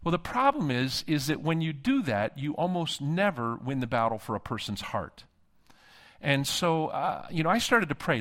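Animated man preaching a storytelling sermon. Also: a little high, moderate pace. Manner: animated storytelling, acting out dialogue. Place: conference hall.

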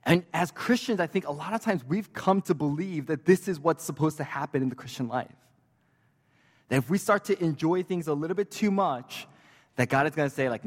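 A man's voice: on the high side, fairly quick, in a large hall. A man preaching a sermon as pastor, conversational and joking, with casual fillers and asides.

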